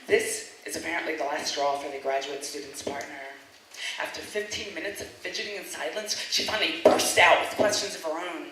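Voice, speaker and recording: A woman's voice: sits low, steady tone, fairly quick, recorded from a distance, background noise. A woman performing a spoken word piece, speaking with impassioned, defiant emphasis. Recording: very echoey room.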